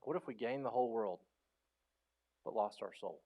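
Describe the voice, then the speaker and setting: A man's voice: mid-range voice, moderate pace. Passionate pastor man preaching. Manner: passionate, swings from loud pleading to soft. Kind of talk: sermon. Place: church sanctuary.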